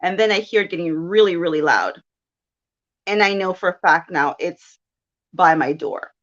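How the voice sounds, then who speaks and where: A woman in her thirties telling a personal story in casual chat, animated and quick to laugh as she acts out her own thoughts. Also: fairly low pitch, muffled recording. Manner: chatty and animated, with laughs and self-quotes. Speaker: guest.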